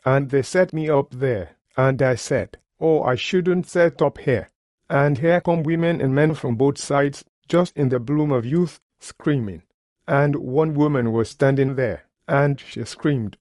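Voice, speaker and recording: Guy preaching a story, folksy plain talk, middle pitch, dead dry sound. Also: measured pace, darkish tone, no room sound. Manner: folksy, nonstandard grammar. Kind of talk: sermon storytelling.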